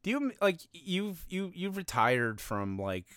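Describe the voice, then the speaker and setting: Laughing, chatty male podcast host, smooth dry voice. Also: sits high, sing-song, unhurried, a bit bright, no room sound. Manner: chatty and laughing, with frequent fillers. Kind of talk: casual podcast chat.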